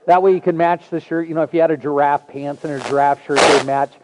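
A man's voice: a little high, fairly even intonation, fast, slight background noise, low-quality recording. A man preaching a sermon as a pastor, earnest and conversational, with folksy asides to the congregation.

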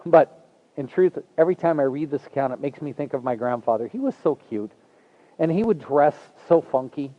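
A man's voice: on the high side, expressive, normal speed, lo-fi sound. A man preaching a sermon as a pastor, earnest and conversational, with folksy asides to the congregation.

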